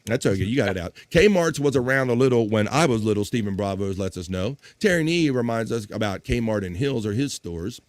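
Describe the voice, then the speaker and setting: A man's voice: fairly low pitch, expressive, fairly quick, few pauses, dry recording. A man hosting a casual livestream chat show, chatting and reading viewer comments aloud. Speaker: host.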